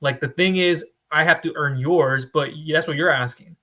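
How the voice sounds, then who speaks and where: Young male finance broker, bright forceful tone, blunt tough-love lecturer. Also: a little high, moderate pace. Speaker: small business funding broker. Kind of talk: direct-to-camera advice talk.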